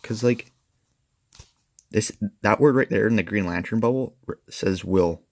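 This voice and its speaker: A young man with a low, gravelly voice rambles through a comic review, swearing freely and tossing in "like" every few words. The sound is close and dry. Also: measured pace, a little mellow, no room sound. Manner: rambling, profane, filler-heavy. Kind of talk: casual review chat.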